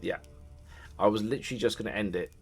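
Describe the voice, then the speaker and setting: Male dungeon master, low voice, loose chatty narration. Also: quick pace, breathy edge, faint music behind. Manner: rambling, many fillers and restarts. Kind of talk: casual game narration.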